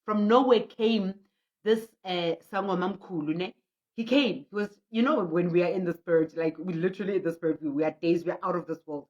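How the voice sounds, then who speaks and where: South African healer telling stories, muffled. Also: female voice, on the low side. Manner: animated storytelling, reads out viewer comments; frequent laughter and restarts. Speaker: traditional healer hosting a prayer session. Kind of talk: livestream talk. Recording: muffled lo-fi audio.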